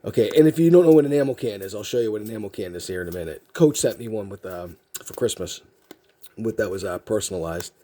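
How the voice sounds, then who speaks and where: A man's voice: lowish voice, fast talker, dark tone. A man telling a story casually as a card video host, rambling with lots of fillers and restarts.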